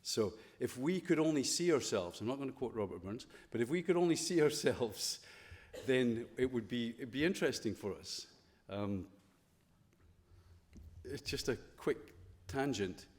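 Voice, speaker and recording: A Scottish man speaks at a school chapel service, loose and playful rather than preachy. His pitch sits in an ordinary middle range for a man. The voice carries a long reverb from the chapel hall around him. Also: lively intonation, normal speed, a little mellow. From Scotland. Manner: conversational, playful, full of rhetorical questions. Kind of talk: informal chapel talk to students.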